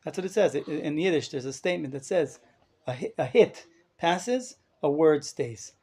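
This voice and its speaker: A man's voice: a little high, expressive, normal speed, warm tone, breathy edge. A man rabbi giving a live lecture to a class, emphatic and full of rhetorical questions, dropping in Hebrew terms. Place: study hall class with listeners.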